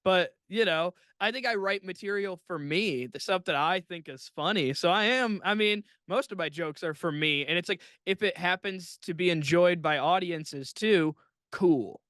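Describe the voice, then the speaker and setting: A man with a bright, forceful, slightly high voice, chatting casually as a comedian co-hosting a podcast. His tone is smooth and crisp and the sound is dry and close. He keeps breaking into giggles as he talks. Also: normal speed, no room sound. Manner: giggly, laughs often mid-sentence. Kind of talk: casual chat.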